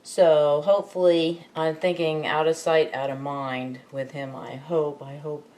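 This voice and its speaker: Deep and darkish, her voice barely moves in pitch and never hurries. The woman, a crafting vlogger, works on her computer in her home, rambling to herself with occasional chuckles.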